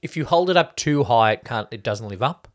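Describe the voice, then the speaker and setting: A man's voice: mid-range voice, lively intonation, fairly quick. A man co-hosting a casual movie review podcast, arguing his points emphatically and swearing now and then. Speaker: podcast co-host. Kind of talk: casual film review chat.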